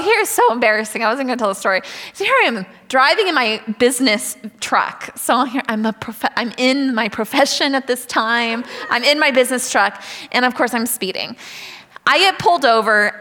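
A woman preaches to a group, telling stories about her own life with lively energy, laughter and acted-out voices. Her voice sits high and sounds bright and sharp. The sound carries a long hall reverb. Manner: animated storytelling, laughs often, acts out voices. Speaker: speaker. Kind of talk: sermon with personal stories.

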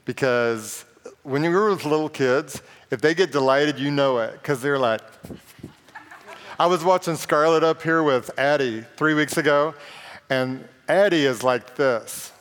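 A pastor preaching a sermon in a conversational, joking way and reading scripture aloud. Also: male voice, on the high side, measured pace, a bit bright, clear, resonant tone. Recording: long reverb of a large hall.

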